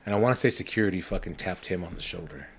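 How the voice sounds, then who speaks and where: Young male podcast co-host, slightly low voice, swears constantly, acts out the people in his stories. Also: rapid-fire, vocal fry, a little hiss or hum. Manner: profane storytelling, animated impressions. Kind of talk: casual chat.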